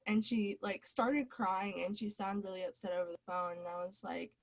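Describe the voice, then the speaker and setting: A woman's voice: mid-range voice, fairly even intonation, moderate pace. A young woman student chatting on a video call, telling a story and acting out the quoted lines. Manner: chatty, acts out quoted dialogue.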